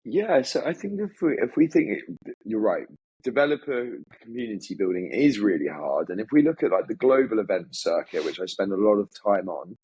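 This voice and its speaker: Man, low voice, husky, upbeat interview guest, dry close sound. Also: very animated, darkish tone, no echo, low-quality recording. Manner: upbeat, talks in quick bursts with many restarts. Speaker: guest, agency founder. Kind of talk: casual interview talk.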